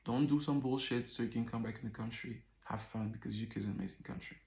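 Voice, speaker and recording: A man vlogging a personal story in a casual, animated way, swearing often and acting out the dialogue. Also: mid-range voice, fast talker, gravelly, echoey room.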